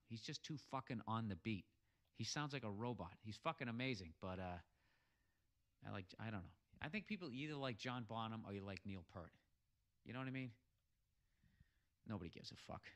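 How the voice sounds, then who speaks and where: In his profanity-laden comic rant, the American podcast host reads listener messages with heavy sarcasm and plenty of swearing. His voice is lowish and a bit bright.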